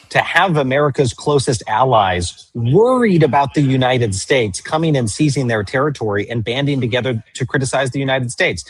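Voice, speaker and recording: Husky male political show host. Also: medium pitch. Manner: stammering restarts, storytelling.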